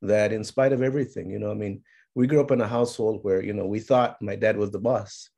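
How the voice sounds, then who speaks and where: A middle-aged man telling family stories in a reflective conversation, slipping Spanish phrases in among many fillers and growing animated as he goes. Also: lowish voice, quick pace, creaky. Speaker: speaker sharing his life's work.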